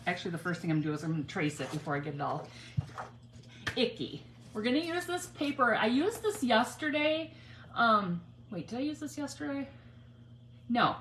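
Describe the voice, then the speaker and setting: A woman's voice: on the high side, fairly bright tone, slight background noise. A middle-aged woman hosting a casual crafting livestream, chatting in a rambling way and greeting viewers by name. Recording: roomy home recording with faint ambience.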